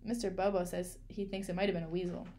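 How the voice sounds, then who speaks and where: A woman reading aloud and voicing a kindly, gossipy elderly woman neighbor who rambles in a soft, confiding way. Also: on the low side, flat delivery, fast, natural voice. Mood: chatty.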